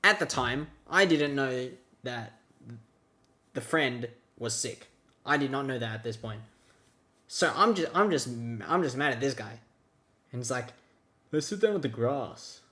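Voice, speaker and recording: A man's voice: mid-range voice, normal speed, sharp tone. A young man telling a story from his student days in a casual rant, exasperated and sarcastic. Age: young adult. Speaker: vlogger.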